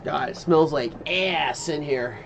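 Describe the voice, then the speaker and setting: A man's voice: fairly high pitch, slow, gravelly, heavy background noise. A man chatting casually on a livestream, rambling and joking and trying out silly impressions. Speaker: streamer.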